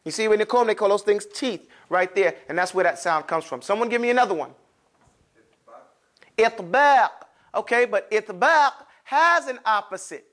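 A man teaching Arabic pronunciation to a class, demonstrating sounds with exaggerated mouth shapes in an animated way. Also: high voice, a little fast, few pauses. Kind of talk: classroom lesson. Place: classroom with students.

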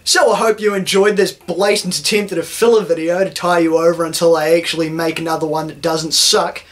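A man's voice: a little high, flat delivery, brisk. A young man from New Zealand with a New Zealand accent, ranting sarcastically and with lots of swearing in a satirical vlog. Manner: sarcastic, profane, mock-indignant. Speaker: YouTuber.

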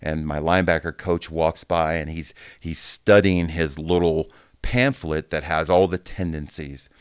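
Deep male voice, sixties, animated profane storyteller, dry close sound. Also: a little slow, smooth, no room sound. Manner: animated, profane storyteller who acts out quotes. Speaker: former pro football linebacker, interview guest. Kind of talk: casual interview storytelling.

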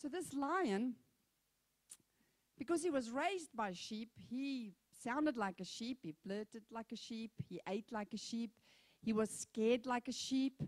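A woman pastor preaching a sermon in an animated, conversational storytelling manner. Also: a little high, slow, no room sound.

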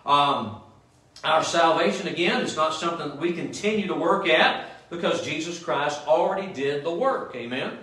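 A man's voice: on the high side, lively intonation, normal speed, pushed and bright. A male pastor preaching a sermon in a church, often asking the congregation "Amen?" as he goes. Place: church sanctuary. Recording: echoey church room, mic at a distance.

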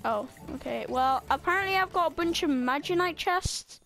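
A high-voiced woman talks through a video game in a casual, rambling way, full of "uh"s and blunt, offhand remarks. Game music plays clearly under her voice. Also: lively intonation, normal speed, fairly bright tone. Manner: rambling, filler-heavy, blunt. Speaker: gameplay host. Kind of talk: casual gameplay commentary.

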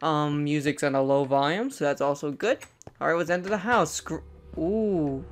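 A young man hosting a let's play, talking through a horror game and repeating words excitedly when scared. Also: fairly high pitch, moderate pace, soft background music. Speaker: gaming channel host.

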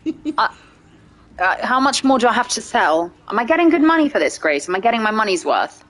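A woman's voice: fairly high pitch, very animated, brisk, a bit bright, poor audio. A woman streaming a video game, joking around and counting button presses aloud in casual chat. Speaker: actor streaming her first playthrough.

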